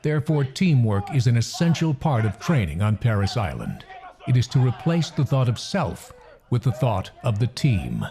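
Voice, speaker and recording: A man reading scripted documentary narration in a measured, solemn way. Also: mid-range voice, big pitch swings, music in the background.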